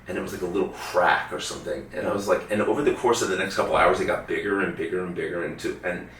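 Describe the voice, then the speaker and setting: Low-voiced man rambling in an echoey room. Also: fast talker, fairly bright tone, recorded from a distance, slight background noise. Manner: rambling, heavy use of "like", swears casually. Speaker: interview guest, drummer. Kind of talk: casual storytelling in an interview.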